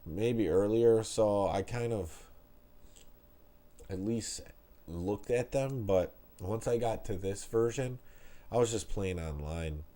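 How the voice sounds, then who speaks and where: A stuffy-nosed man in his thirties hosts a live game stream, talking at an easy, slow pace. His voice sits low and dark as he reads through stats, restarting sentences now and then and chatting loosely with viewers. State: stuffed-up nose. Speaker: streamer reviewing a retro game.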